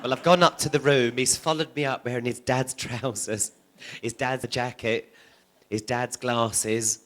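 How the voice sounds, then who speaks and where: Bright bawdy stand-up comedian man. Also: mid-range voice, fairly even intonation, unhurried, a little hiss or hum. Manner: crude, cheeky joke-telling in a motherly stage persona.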